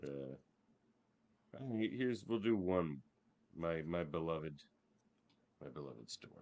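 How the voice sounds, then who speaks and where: A man's voice: extremely low pitch, expressive, slow, darkish tone, muffled recording, slight background noise. A man co-hosting a casual podcast, reading out categories and teasing his co-host with confidence. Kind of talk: casual chat.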